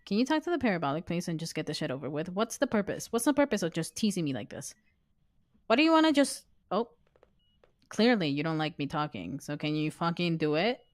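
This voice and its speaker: Young woman gaming stream, low-ish voice, teasing the ghost, dry close sound. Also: expressive, quick pace, dry recording. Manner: taunting, talking to the ghost. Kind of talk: live gameplay commentary.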